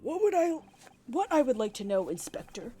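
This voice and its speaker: A woman's voice: high-pitched, big pitch swings, normal speed, warm tone, a little hiss or hum. A woman voicing a stern, pompous elderly male judge with a formal manner.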